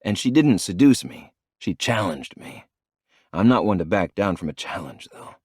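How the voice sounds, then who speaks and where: Deep-voiced male audiobook narrator. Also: expressive, normal speed, slightly rough, dry recording, studio quality. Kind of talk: first-person romance narration.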